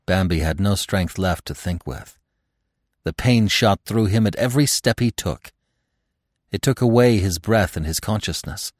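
A man narrating a classic story in an expressive audiobook reading. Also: deep voice, moderate pace, no room sound, studio quality.

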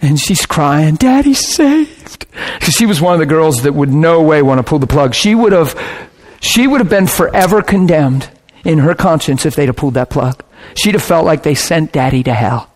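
A man preaching, telling a personal story with lively swings between hushed and shouting moments. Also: a little high, normal speed. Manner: animated, bursts into shouting and laughter. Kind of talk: sermon storytelling.

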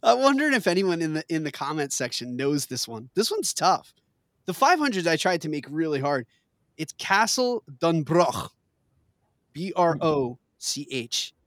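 A man's voice: on the high side, big pitch swings, moderate pace, a bit bright, dry recording, studio quality. A man hosting a casual trivia game with friends, reading questions aloud and laughing often. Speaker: quiz game host.

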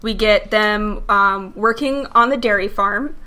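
A woman's voice: medium pitch, a little slow, pushed and bright. A woman co-hosting a podcast in casual chat, making dry, sarcastic asides about a reality show. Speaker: podcast co-host.

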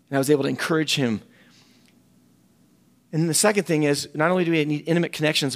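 Earnest man with a gravelly voice. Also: medium pitch. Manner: animated and earnest, repeats words. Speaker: ministry director and speaker. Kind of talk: storytelling sermon talk.

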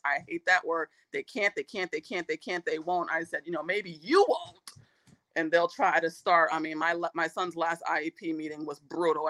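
A woman's voice: sits low, a bit bright, dry recording, poor audio. A woman guest, a parent of an autistic child, giving emphatic, heartfelt advice in a casual conversation. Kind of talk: casual chat.

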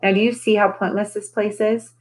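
A woman's voice: medium pitch, level tone, fairly quick, pitched above the performer's own voice, natural voice, low-quality recording. A woman doing a cold, scornful villainess. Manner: scornful and self-certain. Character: bold cold female villain bird trainer.

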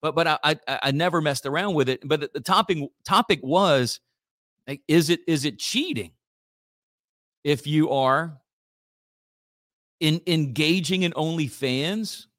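A man's voice: on the high side, unhurried, pauses often, a bit bright, no room sound, studio quality. A man hosting a casual talk radio show, joking and reading listener messages.

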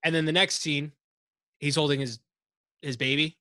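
A man's voice: fairly high pitch, fairly even intonation, moderate pace, sharp tone, dry recording, studio quality. A man hosting a podcast, chatting casually in a joking, rambling way and swearing freely. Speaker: podcast host. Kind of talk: casual chat.

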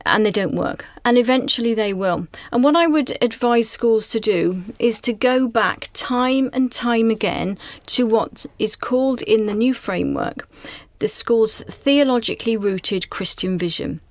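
In a clean, dry studio recording, a woman who is a national director of school inspections speaks in a slightly high voice at a somewhat slow pace. Her advisory conversation with school leaders is earnest and reflective, often framed around rhetorical questions.

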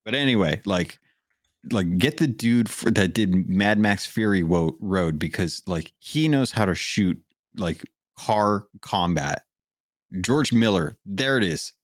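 A man's voice: on the low side, lively intonation, slow pace, no echo, clean studio sound. A man hosting a gaming podcast, talking casually and rambling with many restarts. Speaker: podcast host. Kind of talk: casual chat.

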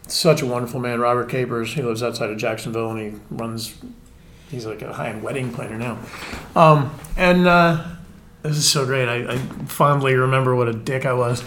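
Forties male guest, chatty anecdotal storyteller, even mid voice, casual talk. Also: mid-range voice, fairly quick, slight background noise. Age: 40s. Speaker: podcast guest, spirits brand manager.

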